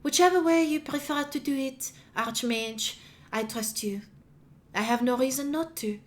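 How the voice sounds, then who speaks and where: A woman doing a stern archbishop in a tabletop game, pronouncing judgment with formal, measured gravity. The voice sits fairly high and is delivered without haste. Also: lightly acted. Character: stern authoritative female archbishop judge.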